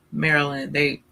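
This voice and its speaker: A man's voice: a little high, gravelly, pushed and bright. A man hosting a casual livestream, greeting viewers by name and talking with playful exasperation. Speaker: livestream host. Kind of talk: casual live-stream chat with viewers.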